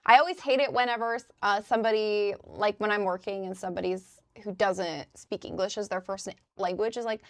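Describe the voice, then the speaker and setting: A woman's voice: medium pitch, fairly quick, hardly any pauses, fairly bright tone, no echo, studio quality. A young woman from the US Midwest, chatting loosely with her live chat as a streamer and swearing casually. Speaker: livestreamer. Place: indoors at a crafting desk.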